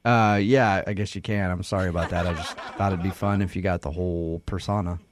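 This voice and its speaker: A man's voice: sits low, steady tone, fairly quick, a little hiss or hum. A man hosting a radio morning show, pulling a prank call with upbeat, reassuring patter.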